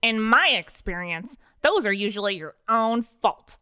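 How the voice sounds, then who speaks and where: A contrary pizza delivery man, as a woman plays him, grumbling and refusing at every turn. The voice is bright and lively, recorded dry and close. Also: a little high, a little slow, smooth, no room sound. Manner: stubborn, grumbling.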